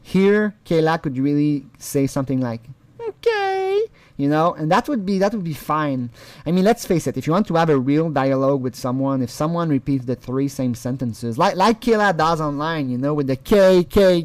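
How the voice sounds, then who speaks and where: Chatty man with a slightly high voice. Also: fairly quick, darkish tone, dry recording. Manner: rambling, repeats words, mimics other people's tones. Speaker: channel host. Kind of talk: casual commentary on a recorded call.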